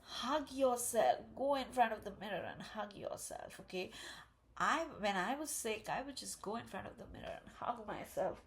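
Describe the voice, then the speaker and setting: A woman giving an emotional, encouraging tarot card reading, speaking slowly and with emphasis. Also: a little high, fairly bright tone, a little hiss or hum. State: tearful. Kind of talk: spiritual pick-a-card reading.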